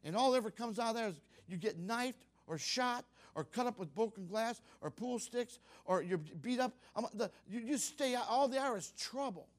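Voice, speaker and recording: An older man preaching a sermon to young people, folksy and direct, rising to loud fervent exclamations. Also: very high-pitched, lively intonation, moderate pace, hardly any pauses. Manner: folksy, addresses youth directly. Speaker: pastor.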